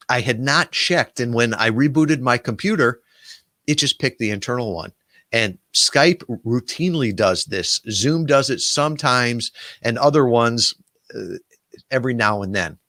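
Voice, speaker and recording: A man with a voice of ordinary pitch talks through casual advice, animated and conversational, with plenty of ums and uhs. His voice sits close to the microphone in a dry space with no room sound. He comes across as someone who hosts and books podcast guests. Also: dry recording. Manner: animated storytelling with fillers. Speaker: podcast booking agency owner.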